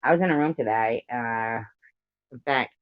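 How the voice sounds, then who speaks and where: American woman, livestream host, rambling chatty delivery, muffled low-fi audio. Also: moderate pace, dry recording. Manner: rambling, giggly, reads out viewer comments. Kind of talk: casual livestream chat. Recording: dull lo-fi stream audio.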